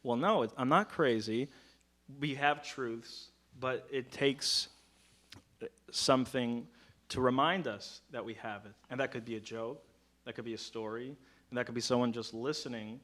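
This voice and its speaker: A man chatting casually as a conversation partner, lively and quick, acting out stressed words to make his point. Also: mid-range voice. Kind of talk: casual chat.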